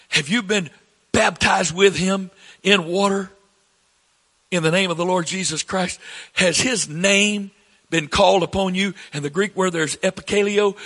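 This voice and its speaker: A man's voice: high voice, long reverb tail. Southern-accented pastor in his sixties. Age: 60s. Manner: preaching with emphatic rises, then dropping to quiet asides to the congregation. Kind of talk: sermon.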